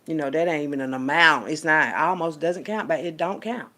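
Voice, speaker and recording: A woman delivering a profane, preachy rant as a little sermon, swinging between hushed asides and loud outbursts. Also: sits low, a little fast. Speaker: vlogger giving a street sermon.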